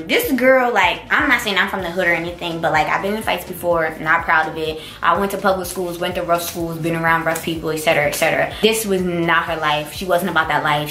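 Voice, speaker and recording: This is casual storytime from a young woman in college whose voice sits on the low side. She's animated and emphatic, playing out the dialogue as she talks. There's a roomy echo and faint music in the background.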